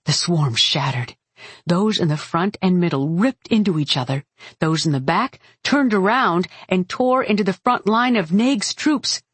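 A woman narrating a first-person fantasy audiobook in a steady, wry manner. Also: lowish voice, a little slow, husky, no room sound.

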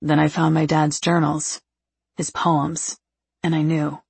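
A woman voicing a quiet, brooding man with a husky, gravelly voice and terse delivery. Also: low-pitched, flat delivery, takes it slowly, dry recording, exaggerated voice. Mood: subdued.

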